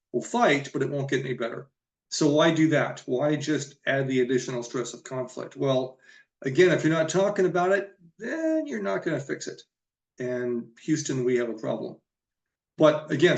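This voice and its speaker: A man's voice: mid-range voice, vocal fry, a little mellow. Earnest man explaining in a roomy space. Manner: earnest, emphatic, repeats key points. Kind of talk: explanatory solo talk to camera.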